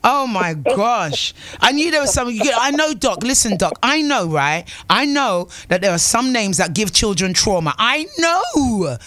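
A woman's voice: on the high side, very animated, measured pace, few pauses, fairly bright tone, no room sound. A woman hosting a radio call-in chat, playful and teasing, laughing often. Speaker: radio show host.

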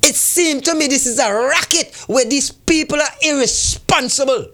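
Man, very high voice, preachy and scolding, asks rhetorical questions. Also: normal speed, a bit bright. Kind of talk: impassioned community commentary.

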